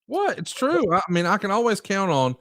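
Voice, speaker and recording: A man's voice: sits high, wildly swooping pitch, normal speed, a bit bright, no echo, studio quality. A man co-hosting a podcast, asking casual questions and joking with the host. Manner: joking, teasing.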